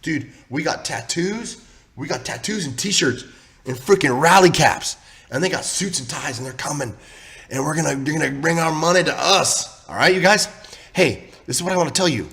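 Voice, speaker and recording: A man talking casually to camera in a crypto vlog, rambling and excitable, full of slang and asides. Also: a little high, moderate pace, vocal fry. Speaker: crypto vlogger.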